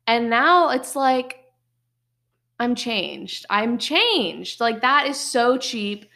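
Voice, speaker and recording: A woman's voice: on the high side, slow pace, vocal fry, bright, forceful tone. A young woman co-hosting a podcast, chatting casually with a wry, drawling manner. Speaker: podcast co-host. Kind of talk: casual chat.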